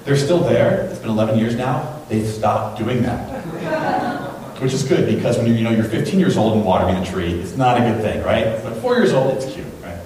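A man preaching a sermon in a church, talking in a conversational, animated way and acting out the people in his stories. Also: mid-range voice, a little fast, far from the mic. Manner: conversational, animated storytelling with quoted voices. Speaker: pastor. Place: church sanctuary. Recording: very echoey hall, voice from off-mic.

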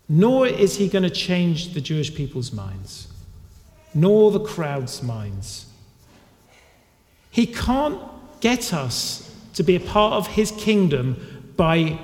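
A man preaching a sermon in a conversational way, asking his listeners questions. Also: high voice. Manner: conversational, asks the audience questions. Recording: echoey hall with long reverb.

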